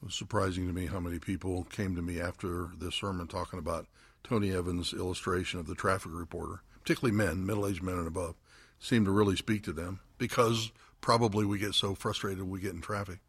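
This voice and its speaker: A middle-aged male pastor with a husky voice talks through a personal story in a relaxed, conversational way. He lifts his voice for emphasis, and the recording is close and dry. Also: sits low, quick pace, dry recording. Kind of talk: reflective panel discussion.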